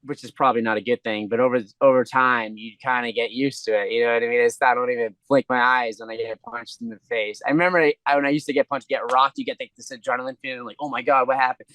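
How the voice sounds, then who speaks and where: Brief: male fighter guest, quick rambling earnest answers, dry close mic. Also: medium pitch, flat delivery, fairly bright tone, no echo. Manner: rambling, earnest, restarts sentences. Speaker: interview guest, pro fighter. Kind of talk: casual interview answers.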